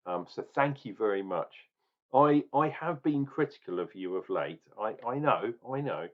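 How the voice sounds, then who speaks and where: A man's voice: lowish voice, lively intonation, normal speed, narrow, tinny audio. A chatty middle-aged man from England reviewing a beer, rambling and joking in a casual tasting vlog. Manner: chatty, jokey, rambling asides.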